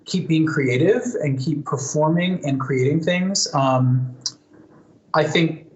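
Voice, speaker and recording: A man's voice: on the high side, slow pace, muffled recording. A man answering fan questions in a casual live Q&A, chatty and thoughtful, with plenty of fillers and restarts. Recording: roomy echo, faint ambience.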